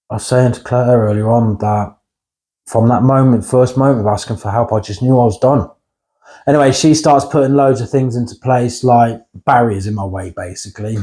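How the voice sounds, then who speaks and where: Blunt guy in his 40s, warm low-key voice, swears, keeps going "right?". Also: normal speed. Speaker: interview guest. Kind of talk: candid personal storytelling.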